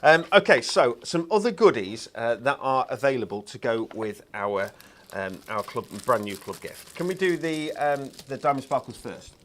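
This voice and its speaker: A man's voice: medium pitch, sing-song, moderate pace, a bit bright, slight background noise. A man presenting craft products on a live shopping show, chatty and enthusiastic, with lots of ums and uhs.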